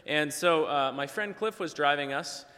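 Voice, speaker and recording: A man's voice: fairly high pitch, moderate pace, pushed and bright. A middle-aged man preaching a conversational sermon, telling a story and acting out the voices of the people in it. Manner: conversational, acts out quoted voices. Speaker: pastor. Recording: long hall reverb.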